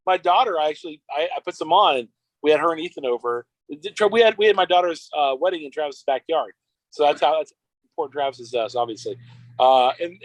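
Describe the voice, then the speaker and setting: A middle-aged father telling a story with excited enthusiasm in a casual chat. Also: on the high side, dry recording, rough recording.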